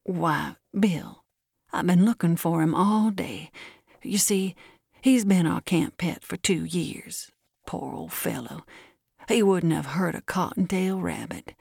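A woman voicing a sly young cowboy who talks in a soft, hushed, mournful drawl. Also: lowish voice, vocal fry, no room sound, clean studio sound.

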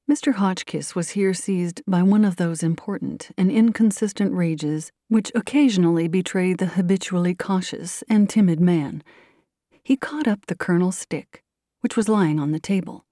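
A woman narrates a classic tale as host of an audiobook show, reading at a steady, even pace. Her voice is low and dark with a gravelly edge. The recording is close and dry. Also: normal speed, no room sound. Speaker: host and reader.

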